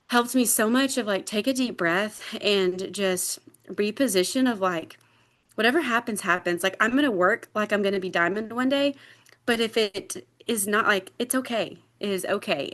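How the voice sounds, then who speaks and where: A woman's voice: medium pitch, fairly bright tone. A woman sharing her story on a group video call, rambling with many fillers and growing teary. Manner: rambling, lots of "like" and "um", gets teary. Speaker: sales team member sharing her story. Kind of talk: casual talk on a group call.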